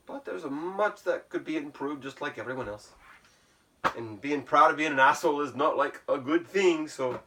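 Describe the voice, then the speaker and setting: A man's voice: on the high side, moderate pace, fairly bright tone, recorded from a distance, a little hiss or hum. A man vlogging while sitting in an ice bath at home, musing aloud in a rambling, self-mocking way with a put-on Irish brogue. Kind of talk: casual reflective monologue.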